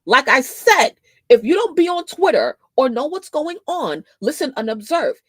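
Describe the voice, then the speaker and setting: A woman hosting a casual livestream, talking bluntly with lots of swearing, moving from quiet explaining to loud scolding of commenters. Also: sits high, very animated, moderate pace, dry recording. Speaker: livestream host.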